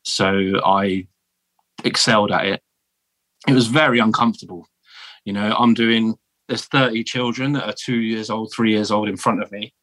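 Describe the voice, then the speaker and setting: A former marine in his thirties, from the south of England with a southern English accent, tells stories as a guest in a casual interview, animated and full of restarts. His voice is fairly low, his pace moderate, with no echo.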